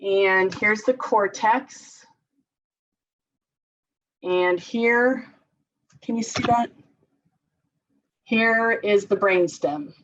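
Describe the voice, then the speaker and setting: A woman's voice: medium pitch, extremely slow, pauses often, a bit bright, slight background noise. A woman occupational therapist giving a casual training talk to parents, chatty and laughing often. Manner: chatty, laughs often, leads group exercises with chanting. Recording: slightly dull lo-fi sound.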